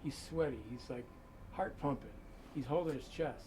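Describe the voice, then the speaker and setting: A man's voice: on the high side, moderate pace, darkish tone, a little hiss or hum, low-quality recording. A man telling a creepy story in a conversational, dramatic way, full of asides, while guiding people through a museum room. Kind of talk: spooky storytelling.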